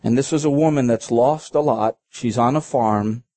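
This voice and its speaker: Earnest, halting preacher man, mellow voice. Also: medium pitch, no room sound. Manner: earnest, halting, slows down for quoted passages. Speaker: pastor. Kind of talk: sermon.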